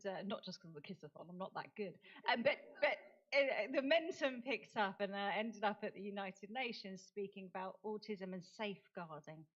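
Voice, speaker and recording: A woman's voice: medium pitch, a bit bright, dull audio. Chatty self-deprecating woman. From United Kingdom. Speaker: conference speaker and advocate. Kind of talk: conference talk. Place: conference venue.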